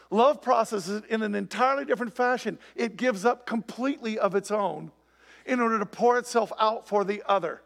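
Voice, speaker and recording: A man's voice: high-pitched, fairly quick, creaky, fairly bright tone. A man preaching a sermon to a live congregation, talking conversationally and asking many rhetorical questions. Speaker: pastor. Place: church, before a live congregation.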